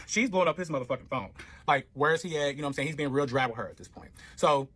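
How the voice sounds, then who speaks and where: A man's voice: a little high, fast talker, fairly bright tone. A man telling his own relationship story in a casual storytime, profane and rambling, with lots of filler and quoted back-and-forth.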